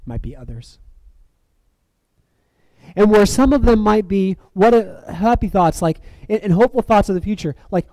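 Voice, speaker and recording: Male preacher, reflective sermon delivery, fairly high mellow voice, dry close sound. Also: lively intonation, moderate pace, no echo. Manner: reflective, with soft dropping phrase ends and sudden lifts.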